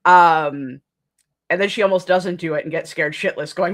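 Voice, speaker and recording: A woman's voice: on the low side, measured pace. A young woman hosting a live writing stream, chatting casually, laughing often and restarting her sentences as she goes.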